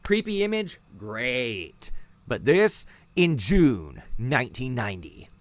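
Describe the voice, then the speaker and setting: Profane ranting man, lively voice. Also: mid-range voice, slow, no room sound. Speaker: podcast host. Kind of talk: casual ranting commentary.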